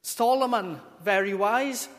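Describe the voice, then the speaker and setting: A man's voice: sits high, slow pace, fairly bright tone. A man preaching a sermon, chatty and jokey in an informal way. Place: church. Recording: long church reverb.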